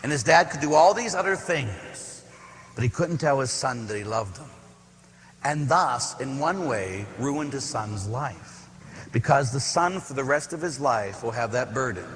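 A man's voice: medium pitch, expressive, unhurried. A man, a parish priest, giving a homily as conversational storytelling with rhetorical questions and asides. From Pittsburgh area. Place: church. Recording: echoey church hall, faint ambience.

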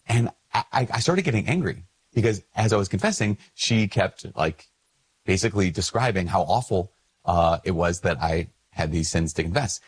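Husky low-voiced priest, earnest and conversational. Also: male voice, lively intonation, fairly quick. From Minnesota. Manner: earnest, conversational, with restarts and storytelling. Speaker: Catholic priest and podcast host. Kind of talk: spoken prayer and reflective talk.

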